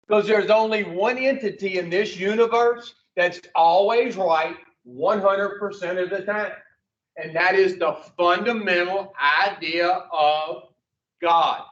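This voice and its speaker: Guy running a recovery class, high voice, slow, swears and quizzes the room, sounds far off in an echoey room. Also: steady tone, fairly bright tone. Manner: blunt, profane, quizzes the group. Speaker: addiction recovery group leader. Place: room with a group. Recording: roomy, distant, dull lo-fi.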